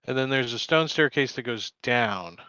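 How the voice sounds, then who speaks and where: A man running a tabletop game as game master, reading out scene descriptions and giving relaxed asides. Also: medium pitch, moderate pace, smooth, no room sound. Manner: descriptive read-aloud narration, relaxed asides. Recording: dull, dry home mic.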